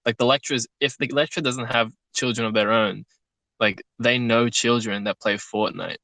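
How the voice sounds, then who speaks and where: Bright, forceful young man making his point. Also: mid-range voice, fairly even intonation, moderate pace, gravelly, no room sound, poor audio. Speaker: podcast guest. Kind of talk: casual chat.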